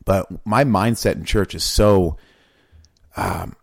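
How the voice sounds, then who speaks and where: A man co-hosting a casual talk about faith, talking in animated, rambling bursts with many restarts. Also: low voice, takes it slowly, gravelly, dry recording, clean studio sound. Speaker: podcast co-host.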